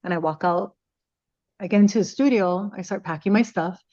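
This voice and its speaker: A woman's voice: medium pitch, fairly quick. Storytelling radio woman from Hawaii, muffled. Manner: animated retelling, acting out quoted dialogue. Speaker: radio personality, podcast guest. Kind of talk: casual storytelling in conversation. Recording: slightly muffled, lo-fi sound.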